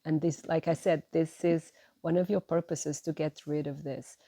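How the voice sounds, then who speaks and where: Low gravelly woman reading tarot. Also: steady tone, moderate pace, dry recording. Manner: gentle, encouraging, with frequent "right?" and "you know". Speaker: tarot reader. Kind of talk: spiritual tarot reading, addressing viewers.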